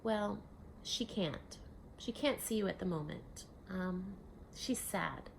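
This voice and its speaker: Woman doing a sad gentle dad in a storybook, soft and low, a bit gravelly. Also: slow pace, slight background noise, poor audio. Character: gentle sad father, loving but weary.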